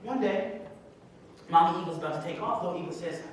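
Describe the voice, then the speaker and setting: A man telling a story in a sermon, animated and calling to the crowd. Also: high-pitched, fast talker, a little hiss or hum. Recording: echoey hall from far off.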